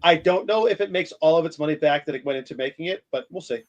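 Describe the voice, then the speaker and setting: A man's voice: fairly high pitch, fast. A man co-hosting a movie podcast in casual chat, skeptical and mocking. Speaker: podcast co-host. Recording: dull lo-fi sound.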